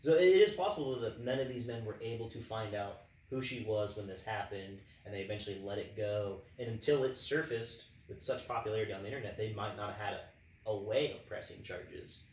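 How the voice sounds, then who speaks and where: A man's voice: lowish voice, a little fast, slight background noise. A man co-hosting a casual podcast discussion, laying out long, earnest arguments. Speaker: co-host. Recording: echoey room, distant mic.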